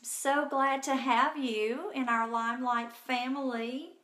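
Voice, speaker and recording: A woman hosts a casual live makeup tutorial, bubbly and chatty as she greets viewers by name. Her voice sits a little high and she takes her time. It is caught on a phone in an echoey room at home. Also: steady tone, slow, fairly bright tone.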